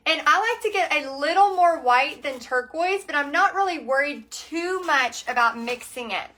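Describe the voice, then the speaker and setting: A woman's voice: sits high, animated, moderate pace, pushed and bright. A woman hosting a chatty live-streamed painting lesson, bubbly and reading viewer comments aloud as she works in a small home art space.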